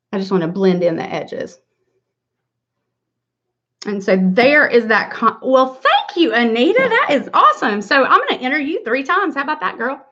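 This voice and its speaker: A woman's voice: on the high side, fairly bright tone. Chatty woman on a makeup livestream. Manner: chatty, greets viewers by name, upbeat. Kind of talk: casual livestream makeup tutorial. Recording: slightly dull lo-fi livestream audio.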